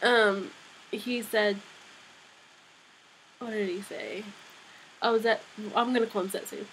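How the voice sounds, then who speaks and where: A young woman reviewing a comic chapter in a chatty, excitable, rambling way, sounding a little unwell. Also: medium pitch, slow, slight background noise, low-quality recording. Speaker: manga reviewer. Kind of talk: casual fan review vlog.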